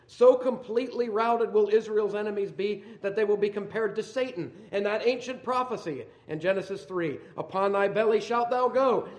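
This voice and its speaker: Man, preacher, sermon, high voice, loud emphatic peaks, quiet low asides, echoey room. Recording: roomy echo.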